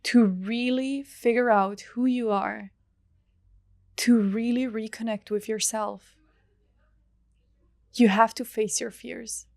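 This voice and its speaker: A young woman hosting a reflective solo podcast, talking softly and earnestly with long pauses. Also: a little high, gravelly, no echo, clean studio sound. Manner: soft, earnest, heartfelt, with drawn-out pauses. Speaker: podcast host.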